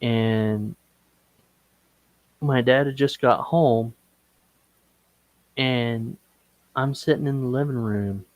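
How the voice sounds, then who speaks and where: A man on a live stream call, telling a personal story slowly and with feeling. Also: mid-range voice, darkish tone, no room sound. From Okeechobee, Florida. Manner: slow, emotional storytelling, breaks into singing gospel and country songs. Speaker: guest.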